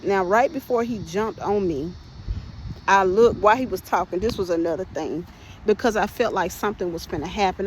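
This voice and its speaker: A woman in the middle of her pitch range recounts her own testimony for a podcast. She talks in an unscripted, conversational way, turns to her listeners with "y'all" and often stops to restart her sentences. A faint hum sits behind her voice. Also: poor audio. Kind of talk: personal testimony storytelling.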